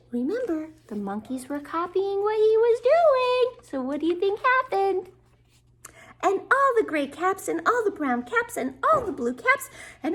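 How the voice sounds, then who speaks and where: A woman teacher reading a children's story aloud, expressive and asking the young listeners questions. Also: very high-pitched, measured pace.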